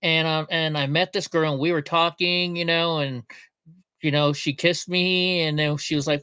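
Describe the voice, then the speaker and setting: A man's voice: fairly high pitch, steady tone, moderate pace, pushed and bright, smooth, no room sound. Rambling male livestream host, dry sound. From Alaska. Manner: rambling, joking, reads chat comments aloud. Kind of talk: casual livestream commentary.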